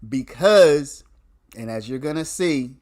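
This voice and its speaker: A man's voice: fairly high pitch, lively intonation, takes it slowly, a little mellow. A man, hosting a casual livestream where he explains a legal argument to viewers, repeating points and restarting sentences.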